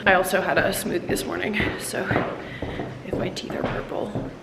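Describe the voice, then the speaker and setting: A woman's voice: on the low side, flat delivery, moderate pace, gravelly. Breathless woman vlogging in an echoey office. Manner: chatty, laughing, peppered with "like". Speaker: lifestyle vlogger. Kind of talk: casual chat to camera. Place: office studio. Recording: echoey room with loud background noise.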